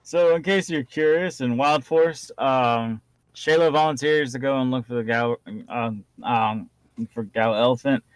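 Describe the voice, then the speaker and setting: A man's voice: mid-range voice, measured pace, clear, resonant tone, no room sound. A man co-hosting a casual recap chat, joking and laughing often, with lots of fillers. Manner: jokey, laughs often, hesitant with many fillers. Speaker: podcast co-host.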